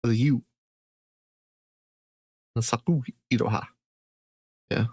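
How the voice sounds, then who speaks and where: A man's voice: medium pitch, takes it slowly, dark tone, breathy edge, dry recording. A man co-hosting a podcast in casual chat, laid-back and teasing, swearing freely. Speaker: podcast co-host.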